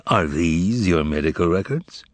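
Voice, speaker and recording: A man voicing a calm, commanding male devil figure who speaks in a low, unhurried, reassuring way. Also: no room sound.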